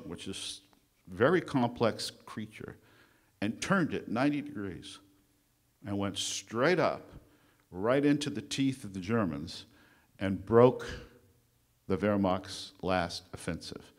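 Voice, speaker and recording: A man with a fairly low voice speaking to a conference room. He tells his story loosely and conversationally, pausing with many fillers, and his voice often trails off softly at the ends of phrases. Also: animated. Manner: conversational, with frequent "uh" pauses while recounting history. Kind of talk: lecture at a conference. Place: conference room before an audience.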